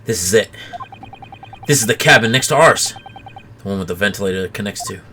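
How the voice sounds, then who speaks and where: A man's voice: lowish voice, expressive, brisk, sharp tone, slight background noise. A man streaming a game with friends, joking around and reading the dialogue aloud. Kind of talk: casual playthrough with friends.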